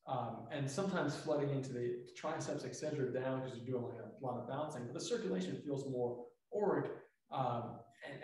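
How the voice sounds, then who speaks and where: A man teaching tai chi, explaining calmly with fillers as he demonstrates each movement. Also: medium pitch. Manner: talks while moving through the exercise, relaxed and explanatory, with many fillers. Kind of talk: instructional demonstration. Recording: echoey room, mic far off.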